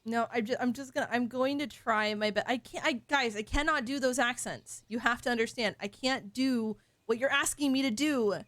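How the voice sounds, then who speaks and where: Playful woman streamer, highish voice. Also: normal speed, few pauses, a bit bright, dry recording. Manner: playful, teasing, self-deprecating. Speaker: game streamer. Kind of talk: casual live-stream chat.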